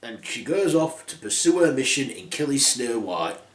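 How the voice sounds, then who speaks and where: A man's voice: medium pitch, very animated, moderate pace. A man retelling a fairy tale in a rambling, crude comic way. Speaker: storyteller host. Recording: roomy echo.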